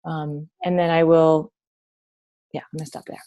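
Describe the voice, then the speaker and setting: A woman with a slightly low voice gives a motivational talk to her team over a video call from home. She talks in a chatty, rambling way, with lots of restarts. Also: level tone, moderate pace, dark tone, lo-fi sound. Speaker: team coach leading a training call.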